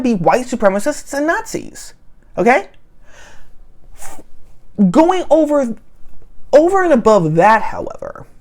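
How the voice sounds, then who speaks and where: A man hosting a solo political commentary show, sarcastic and animated, often turning to the listener with "okay?". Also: high-pitched.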